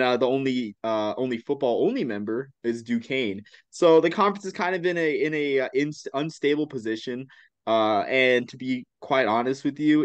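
A man's voice: mid-range voice, dry recording, lo-fi sound. A congested man hosting a sports podcast, chatty and often restarting his sentences. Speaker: podcast host. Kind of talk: casual podcast interview.

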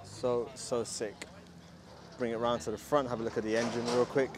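A man's voice: mid-range voice, level tone, moderate pace. Hyped man vlogging at a car meet. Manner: hyped, slang-heavy street talk. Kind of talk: casual walkaround vlog. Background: faint outdoor noise.

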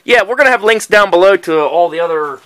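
A man co-hosting a casual beer review, talking in a relaxed way and keeping the segment moving. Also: high voice, quick pace, dry recording. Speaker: co-host of a beer review show. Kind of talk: casual chat.

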